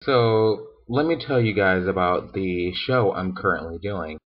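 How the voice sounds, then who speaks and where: A man's voice: sits low, a little slow. A tipsy man casually retelling a story with sarcastic, profane asides and giggles, in a hotel room. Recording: dull lo-fi recording.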